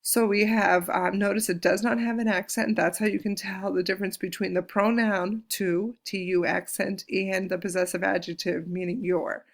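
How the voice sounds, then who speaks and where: Casting note: woman, Spanish teacher, gravelly edge, patient and clear, slows down to model words. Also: medium pitch, little pitch movement. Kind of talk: recorded classroom lesson.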